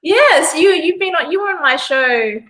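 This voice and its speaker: A woman's voice: extremely high pitch, lively intonation, normal speed, fairly bright tone, low-quality recording. A woman from Australia hosting a casual live stream interview, chatty, with many fillers and frequent laughter.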